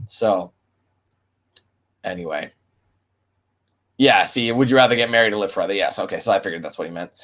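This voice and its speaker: A man in his twenties with a Canadian accent, a gaming streamer answering viewer questions in a casual, profane chat. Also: mid-range voice. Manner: laid-back and profane, calls viewers man and bro.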